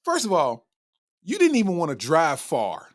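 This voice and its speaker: Animated, exclaiming comedian man. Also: a little high, moderate pace. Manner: loud, exclaiming, laughing, repeating punchlines. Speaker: podcast host. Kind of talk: comedic commentary.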